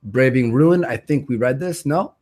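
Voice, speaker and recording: Joking, foul-mouthed livestream host. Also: male voice, medium pitch, normal speed, darkish tone. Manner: profane, joking, self-mocking. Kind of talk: casual livestream chat.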